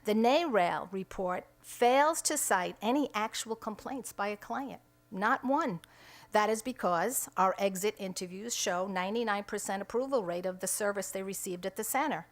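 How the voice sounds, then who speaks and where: Middle-aged woman, center director, emphatic press statement at a podium mic, medium pitch. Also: normal speed. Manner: emphatic, re-enacts quoted dialogue. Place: indoor room at a state capitol.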